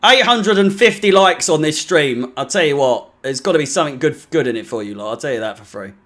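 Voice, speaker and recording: A man's voice: a little high, lively intonation, fairly quick, a bit bright. A young man from England hosting a live football watch-along, deflated, sweary and sarcastic. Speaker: fan channel host.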